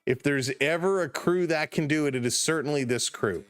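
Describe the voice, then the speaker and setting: A man from Toronto, with a Canadian accent and a slightly high voice at a moderate pace in a dry recording, hosts a baseball livestream. Chatty and tired, up past bedtime from the late game, he gives casual play-by-play, answers chat, greets viewers by name, and shifts from calm to excited.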